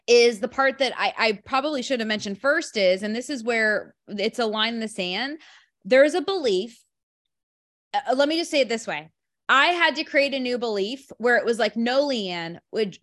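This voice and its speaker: Female group coach, higher voice, emphatic, casual talk with many restarts. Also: fairly bright tone. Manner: emphatic, leans on "literally" and "like", restarts often.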